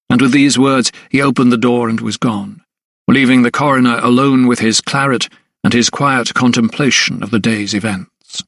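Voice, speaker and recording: A man narrating a historical mystery audiobook in an even, measured way. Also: mid-range voice, dry recording, studio quality. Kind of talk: scripted narration.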